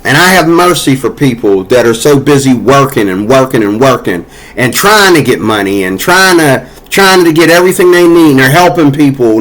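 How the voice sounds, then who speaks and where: Man, high voice, angry monologue, profane, scolding, political commentary. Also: fairly bright tone.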